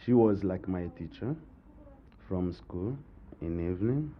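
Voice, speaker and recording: Congolese guy in his 30s, slow halting talk, low voice, tinny phone sound with a bit of hiss. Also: animated. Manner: slow, halting, with many pauses. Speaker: interviewee. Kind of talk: personal account. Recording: tinny phone-like line, faint noise.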